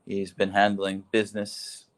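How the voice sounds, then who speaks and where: A man talking in a casual, upbeat way and laughing easily in a relaxed chat. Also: sits low, measured pace. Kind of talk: casual video call chat.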